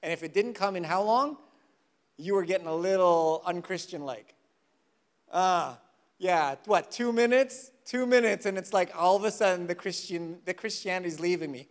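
A pastor gives a lively, humorous sermon, poking fun at himself between passages. His voice sits a little high for a man, and he stretches out key verses word by word. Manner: humorous, self-mocking, lively storytelling; slows down to stress verses. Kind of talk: sermon with Bible reading.

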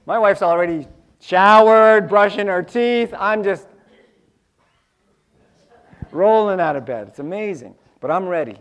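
Man, pastor, sermon, somewhat high voice, animated delivery, repeats lines for emphasis. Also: measured pace, long pauses. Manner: animated, acts out little scenes with sound effects.

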